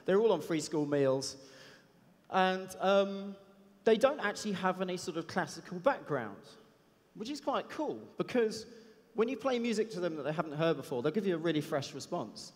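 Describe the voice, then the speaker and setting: Lively, high-voiced man speaking in a hall. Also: normal speed. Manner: chatty, self-deprecating, humorous. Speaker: conference speaker. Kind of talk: anecdotal keynote talk. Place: conference stage. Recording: long hall reverb.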